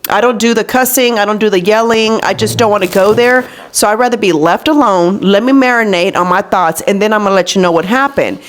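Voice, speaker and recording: A woman podcast host in her thirties talks in a relaxed, candid way at an ordinary middle pitch. She tells stories from home life and slips into the voices of the people she quotes. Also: fairly quick, few pauses, a little hiss or hum. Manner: candid storytelling, acts out quotes. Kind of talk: casual chat.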